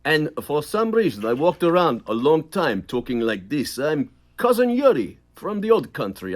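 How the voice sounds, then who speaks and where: A middle-aged man, a voice actor, chatting as an interview guest, animated and quick to laugh, drifting in and out of accents. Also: medium pitch. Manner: animated, laughs often, slips into accents mid-sentence. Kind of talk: casual interview chat.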